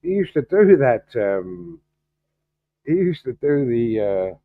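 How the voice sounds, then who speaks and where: A man hosts a loose livestream chat, his voice jumping up and down in pitch as he stops and restarts his sentences. He talks slowly and sounds distracted. The sound is thin and phone-like, with no room echo. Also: very animated. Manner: halting and distracted, many restarts while fiddling with stream settings. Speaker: livestream host. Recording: thin phone-like video-call audio.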